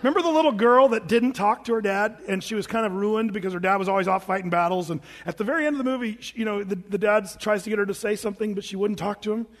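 A man's voice: high-pitched, fast talker, hardly any pauses. A man in his forties, a pastor telling stories in a joking, conversational, self-mocking sermon. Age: 40s. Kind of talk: humorous storytelling sermon. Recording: echoey hall reverb.

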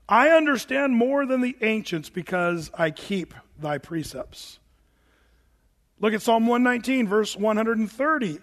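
High-voiced man preaching in a reverberant hall. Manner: animated, emphatic preaching with quoted asides. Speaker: pastor. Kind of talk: sermon.

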